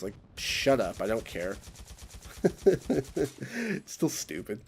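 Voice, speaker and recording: A man's voice: fairly low pitch, big pitch swings, takes it slowly, gravelly, slight background noise. A young man ranting casually to camera, exasperated and sarcastic, mimicking other people's voices when he quotes them. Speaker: vlogger. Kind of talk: casual rant.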